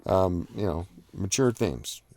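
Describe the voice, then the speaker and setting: Deep-voiced guy reading chat on a live stream, rambles a lot, lots of ums, dry mic. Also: expressive, slow pace, creaky, darkish tone, no room sound. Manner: rambling, many fillers and restarts.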